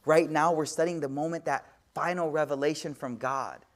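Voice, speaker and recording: Animated slangy male preacher, slightly high. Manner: animated, swings from hushed to loud, recites Arabic rapidly; slangy, addresses audience directly. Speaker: Islamic teacher. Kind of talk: sermon-style lecture.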